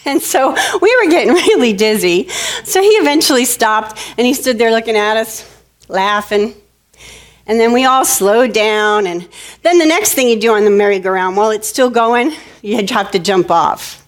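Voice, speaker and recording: A woman giving a talk, telling a childhood story in an animated way and acting out the children's voices. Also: a little high, moderate pace. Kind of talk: storytelling presentation.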